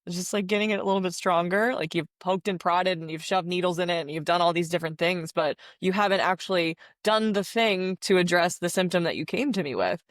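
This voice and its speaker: A woman physical therapist speaks as a podcast guest, explaining her approach with steady confidence. She piles up examples in long, flowing lists. Her voice is recorded close and dry. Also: lowish voice, brisk, few pauses, no echo. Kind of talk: interview answers.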